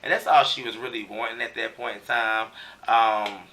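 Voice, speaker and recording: A man's voice: fairly low pitch, fairly even intonation, moderate pace, pushed and bright, recorded from a distance, slight background noise. A man giving a casual recap of a TV episode, talking loosely with slang and lots of fillers. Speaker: TV show recap reviewer.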